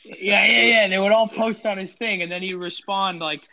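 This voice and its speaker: A man's voice: high-pitched, steady tone, normal speed, sharp tone, highs cut off. A young man chatting easily with his family. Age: young adult. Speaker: guest, youngest family member. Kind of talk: casual chat.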